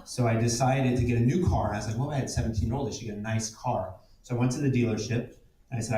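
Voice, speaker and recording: Male comic, mid-pitched, deadpan anecdotes, heard far off in an echoing club. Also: quick pace. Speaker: stand-up comedian. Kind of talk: stand-up comedy set. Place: comedy club stage. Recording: echoey room, distant mic, noisy.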